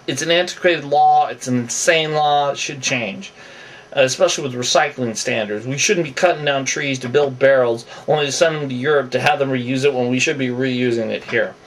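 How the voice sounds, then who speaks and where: A man's voice: medium pitch, a little fast, far from the mic. A man giving off-the-cuff, opinionated commentary that rambles with asides and restarts.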